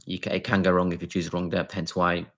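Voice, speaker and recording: A man's voice: low-pitched, little pitch movement, quick pace. A man, a doctor, casually answering viewers' chat questions on a live stream, talking with many fillers and restarts.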